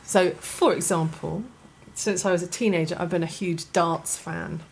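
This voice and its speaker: A middle-aged woman with a posh English accent, a stand-up comedian chatting as a guest in an animated, self-deprecating way, often restarting and laughing. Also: on the low side, normal speed, vocal fry, slight background noise, low-quality recording. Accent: posh southern English. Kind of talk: casual chat.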